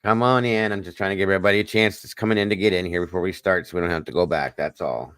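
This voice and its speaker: A man's voice: deep voice, steady tone, racing, a bit bright, clean tone, no room sound. A man hosting a casual livestream, greeting viewers by name and chatting with them, wired on coffee. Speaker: livestream host. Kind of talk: casual livestream chat reading comments.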